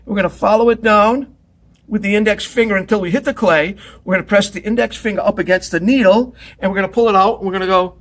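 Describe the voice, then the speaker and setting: A man's voice: sits high, steady tone, quick pace, fairly bright tone. A man teaching pottery at the wheel in a studio, chatty and joking as he demonstrates step by step.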